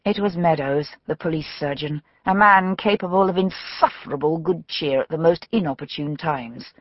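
A woman narrating a mystery novel for an audiobook with measured storytelling. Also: lowish voice, very animated, dry recording, highs cut off.

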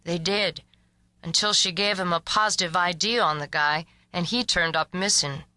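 A woman narrating an audiobook voices a blunt, matter-of-fact man giving news by phone, in a low-key delivery close to her own voice. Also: normal speed, pushed and bright, no echo. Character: laconic man, the caller cousin.

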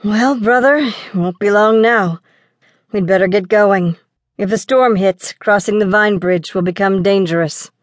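A responsible boy prince who talks his daring younger brother out of trouble in a steady, reasoning way, as a woman narrator puts him on. His voice sits at an ordinary middle pitch and sounds dry and close, with no room around it. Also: measured pace, dry recording, natural voice.

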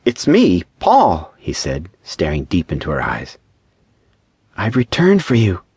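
A man's voice: low voice, huge pitch swings, unhurried, darkish tone, husky, no echo, clean studio sound, exaggerated voice. A man voicing an earnest, heartbroken man returned from the dead, in a storybook reading.

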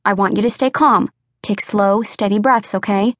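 A woman reading an audiobook, voicing a calm young midwife in her twenties who speaks in a firm, level, practical way. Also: mid-range voice, normal speed, no echo, clean studio sound, lightly acted. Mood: steady. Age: 20s. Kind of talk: audiobook character voice.

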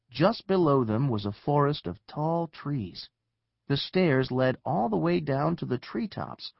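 A man narrating a children's story with expressive storytelling. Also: medium pitch, unhurried, creaky, no echo, lo-fi sound. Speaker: audiobook narrator.

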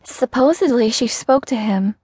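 A woman voicing a chatty, nervous young woman who speaks slowly and keeps sighing. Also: a little high, lively intonation, darkish tone, husky, dry recording, clean studio sound. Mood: gossipy, uneasy. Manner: slow, rambling and sighing.

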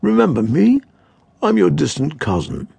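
A man's voice: on the high side, very animated, normal speed, creaky, mellow, breathy edge, no room sound, voice pushed up, heavily acted. A man voicing a chummy, wheedling male tiger who claims to be a distant cousin in a children's story. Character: smooth-talking scheming male tiger cousin. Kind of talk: storybook character voice.

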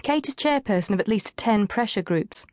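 Woman audiobook narrator, mid-pitched, wry delivery, dry studio read. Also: lively intonation, moderate pace, darkish tone, no echo.

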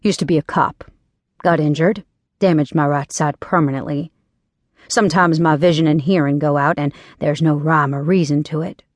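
A woman voicing a flat, blunt ex-cop man. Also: fairly low pitch, moderate pace, no room sound, close to an everyday voice. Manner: flat, clipped, unemotional. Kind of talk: audiobook narration.

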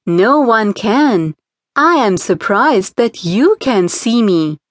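A woman's voice: mid-range voice, animated, takes it slowly, no room sound. A woman voicing a charming, ageless male god in a children's audiobook, sweet and teasing.

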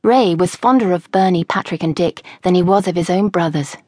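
Audiobook narrator, woman, husky, measured, dry studio sound. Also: fairly low pitch, a little mellow, no echo. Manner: measured, storytelling.

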